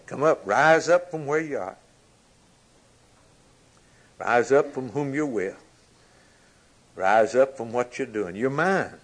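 A man preaching a sermon in a slow, rhythmic style, repeating lines and moving between loud declarations and hushed passages. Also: medium pitch.

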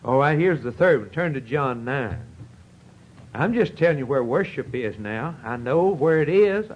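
A man's voice: mid-range voice, lively intonation, moderate pace, lo-fi sound. A man preaching a sermon in a folksy, earnest storytelling manner, with rising outbursts.

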